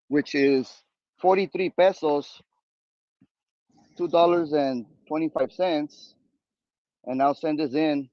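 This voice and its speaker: A man's voice: fairly high pitch, takes it slowly, pauses often, no echo, dull audio. Rambling man telling a story casually. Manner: rambling, animated retelling with many fillers and restarts. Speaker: podcast host.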